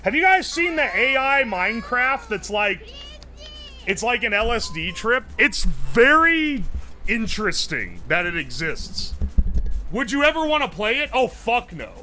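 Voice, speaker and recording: Young male streamer, high bright voice, excitable, swears while tinkering, faint music behind. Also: a little slow. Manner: excitable, swears a lot, thinks aloud. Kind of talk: casual live-stream chat while tinkering.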